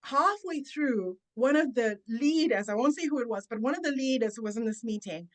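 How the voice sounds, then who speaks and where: Female speaking coach, podcast guest; slightly high pitch, deliberate, emphatic delivery. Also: lively intonation. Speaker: confidence and public speaking coach. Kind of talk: guest giving advice in a podcast interview.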